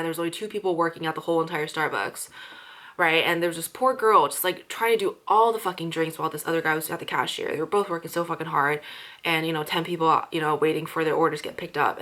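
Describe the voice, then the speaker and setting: A woman's voice: deep voice, bright, forceful tone. A young woman who works as a restaurant server, ranting casually with lots of swearing and fillers. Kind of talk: casual chat.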